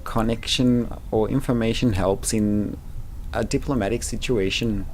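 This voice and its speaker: A man's voice: on the low side, steady tone, a little slow, darkish tone, a little hiss or hum. A man doing a Scottish lady officer. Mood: earnest. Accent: put-on female Scottish accent. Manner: reads game dialogue aloud in a raised, amateur imitation. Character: female Scottish starship officer, polite and earnest.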